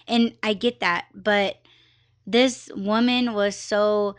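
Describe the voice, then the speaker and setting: A young woman hosting her own podcast from her office, telling a story in a chatty, animated way and slipping into quoted voices. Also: on the high side, moderate pace. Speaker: podcast host. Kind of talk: casual storytelling monologue.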